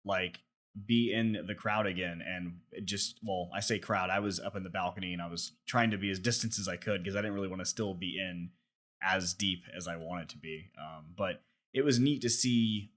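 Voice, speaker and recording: Here a low-voiced man with a slightly bright tone, speaking at normal speed, spins a long story as a podcast co-host. His casual telling rambles along, crowded with fillers and false starts.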